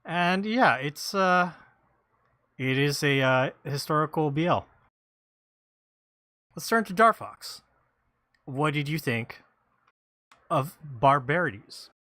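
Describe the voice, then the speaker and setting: A man hosts a casual podcast, moving through credits and blurb copy with small stumbles and self-deprecating asides. His voice is bright and forward. The recording is dry and close, with almost no room sound. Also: fairly high pitch, lively intonation, slow pace, pauses often, no room sound. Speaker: podcast host.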